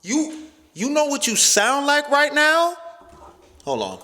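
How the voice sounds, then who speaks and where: A young man hosting a talk show, telling a story in a loud, profane rant and acting out the other voices. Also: very high voice, wildly swooping pitch, measured pace, long reverb tail. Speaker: podcast host.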